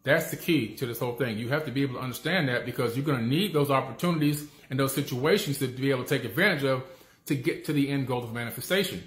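Recorded in an echoey room, this motivational speaker talks casually and emphatically, circling back to his main points and regularly checking in with "okay?". He has a medium-pitched voice and a quick pace.

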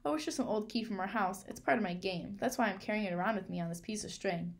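A woman reading aloud and voicing a brave young girl who talks brightly and loudly to fool a listener. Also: medium pitch, natural voice. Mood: loud breezy. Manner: bright, loud, deliberately chatty. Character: brave clever young girl, playacting cheerfully.

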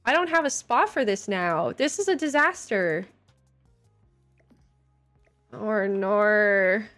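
A woman's voice: high-pitched, very animated, moderate pace, fairly bright tone. A woman live-streaming a building game, talking casually and playfully to her viewers. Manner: playful, chatty, reacting to viewers. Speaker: livestreamer. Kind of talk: casual live-stream chat while playing. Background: faint game music.

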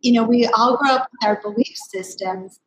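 A woman in her sixties, a company founder, telling a personal story in an interview with lively, expressive delivery. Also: a little high, moderate pace, a little hiss or hum, low-quality recording. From United States. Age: 60s. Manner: animated, expressive storyteller who acts out family quotes. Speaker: company founder speaking at a summit.

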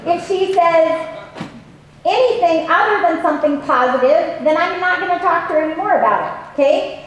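A woman giving a motivational sales seminar and coaching the audience in an animated way with acted examples. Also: very high-pitched, moderate pace. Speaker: sales trainer. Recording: very echoey hall, faint noise.

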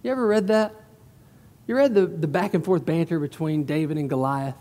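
A man's voice: on the high side, brisk, mellow, big-room sound. A man preaching a sermon as a pastor, telling the story in a chatty, emphatic way with asides to the congregation. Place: church sanctuary.

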